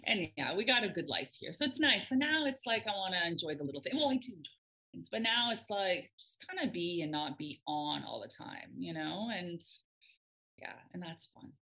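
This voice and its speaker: A woman talking as a podcast guest in casual chat, animated, laughing often and swearing freely. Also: fairly low pitch, moderate pace.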